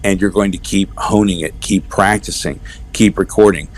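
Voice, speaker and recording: A middle-aged man, a voice actor, chatting as a guest in an interview and telling stories with animated asides. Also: low voice. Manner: animated storyteller, slips into quick character voices. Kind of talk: casual interview chat.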